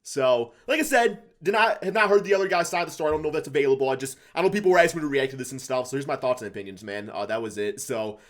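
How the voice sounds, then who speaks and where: A young host talks through his reaction in a blunt, casual way, with plenty of slang. He thinks out loud and offers his opinion plainly, at an ordinary pitch. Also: racing, hardly any pauses.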